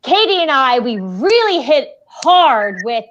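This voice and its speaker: A woman's voice: high-pitched, very animated, takes it slowly, fairly bright tone, dull audio. A woman co-hosting a podcast, telling a story in casual chat with emphatic delivery. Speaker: podcast co-host.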